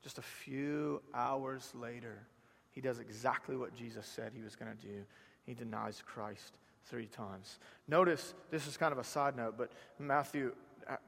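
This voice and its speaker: A man from South Georgia with a Southern accent, preaching a sermon as a pastor. He swings from hushed lines to loud, rising ones and repeats words for emphasis. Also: medium pitch, steady tone, a little slow, creaky, big-room sound.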